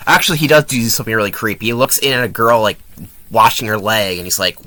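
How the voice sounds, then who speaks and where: A man's voice: mid-range voice, lively intonation, fairly quick, sharp tone, no room sound. A young man giving a casual, sarcastic and profane movie review. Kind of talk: casual film review commentary.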